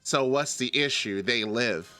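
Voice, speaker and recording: A man's voice: mid-range voice, measured pace, sharp tone, no echo. A man streaming live, chatting casually and arguing a point with his chat, addressing viewers by name.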